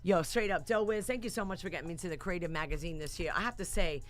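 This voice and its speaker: A woman hosting a casual radio talk show, telling stories in an animated, slangy way with laughs. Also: on the low side, fast.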